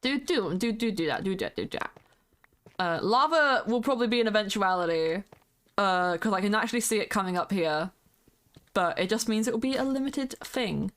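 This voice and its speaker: A woman's voice: mid-range voice, lively intonation, normal speed, a bit bright. A woman streamer chatting casually with viewers while she plays, greeting them by name and humming along to music. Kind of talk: casual live-stream chat while playing a game.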